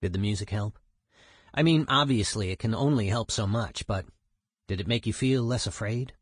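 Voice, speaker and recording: A man's voice: on the low side, moderate pace, breathy edge, no echo, clean studio sound. A man voicing a male music journalist who asks short, probing questions.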